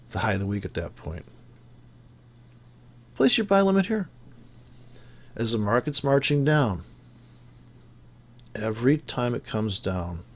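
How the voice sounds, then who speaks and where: A man on a heated, swearing rant about trading, sarcastic and exasperated. His pitch swings widely, jumping between loud outbursts and low muttered asides. He has just woken up irritated and sounds it. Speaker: forex trading vlogger. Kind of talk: profane ranting commentary over charts.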